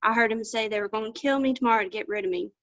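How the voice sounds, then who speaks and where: A woman voicing a creaky old folksy donkey. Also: fairly high pitch, rapid-fire, fairly bright tone, dry recording. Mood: lamenting. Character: old weak donkey, male, gloomy then bossy. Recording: dull lo-fi dry sound.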